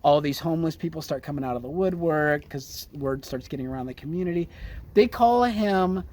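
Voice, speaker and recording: A man hosting a political commentary show, ranting in a profane, sarcastic and indignant way with sudden loud outbursts. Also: fairly high pitch, a little fast.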